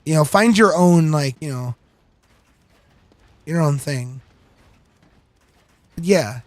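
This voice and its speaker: A man's voice: on the high side, animated, takes it slowly, no echo. A man chatting casually while playing a game, rambling with lots of fillers and giggling. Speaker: gaming streamer. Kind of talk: casual gameplay chat.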